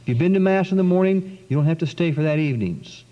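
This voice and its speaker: A man's voice: fairly high pitch, fast. Man telling a faith story in a hall. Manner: animated storyteller, acts out quotes. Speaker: speaker giving a religious talk. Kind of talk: storytelling testimony talk. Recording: dull 1990s recording in a reverberant hall.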